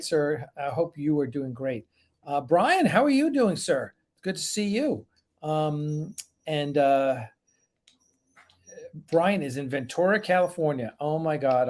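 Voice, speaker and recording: A man hosts a live stream in a loose, rambling way, running through viewers' names and wandering off into asides. His voice sits a little high for a man. It sounds like he is talking into a desk or webcam mic. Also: darkish tone. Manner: chatty, greets viewers by name, rambling asides. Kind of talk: casual live-stream chat.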